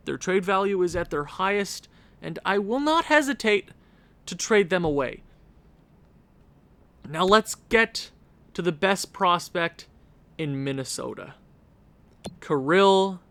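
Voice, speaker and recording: A young man giving energetic, opinionated commentary on a hockey franchise mode, rambling and correcting himself as he goes. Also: high-pitched. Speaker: gaming YouTuber.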